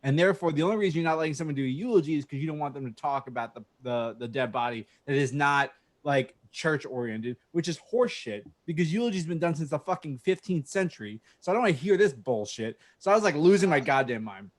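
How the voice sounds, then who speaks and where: A man's voice: on the high side, animated, quick pace, hardly any pauses. A man co-hosting a casual podcast, telling a story in a heated, profane way. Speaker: podcast co-host.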